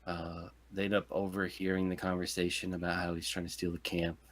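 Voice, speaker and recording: A man's voice: sits low, completely flat delivery, fairly quick. A man co-hosting a podcast, recapping a film's plot in casual, sardonic fragments. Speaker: podcast co-host. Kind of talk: casual movie review chat.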